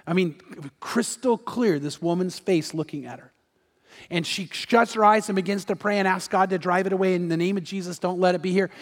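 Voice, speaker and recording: Male pastor, high voice, sermon storytelling, long hall reverb. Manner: storytelling, swings from loud urging to hushed.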